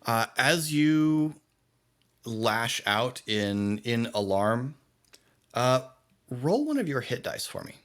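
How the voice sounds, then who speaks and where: A man narrating a tabletop game as game master, halting and full of fillers as he describes the scene. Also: mid-range voice, sing-song, fairly bright tone.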